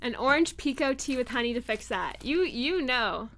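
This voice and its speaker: A woman's voice: a little high, lively intonation, normal speed, a bit bright. A woman co-hosting a casual livestream, reading out chat comments and teasing playfully. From Canada.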